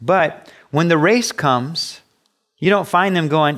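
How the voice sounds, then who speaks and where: A man's voice: slow pace, fairly bright tone. Man preaching a sermon, middle-aged, emphatic, voice jumps up for asides. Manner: emphatic preaching, pitch rising sharply on quoted asides. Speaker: pastor.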